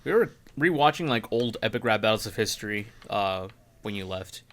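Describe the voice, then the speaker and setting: A man's voice: fairly low pitch, lively intonation, moderate pace, fairly bright tone. A man chatting casually with friends, rambling through memories and laughing often. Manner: rambling, laughs often, hums song lines. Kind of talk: casual chat among friends.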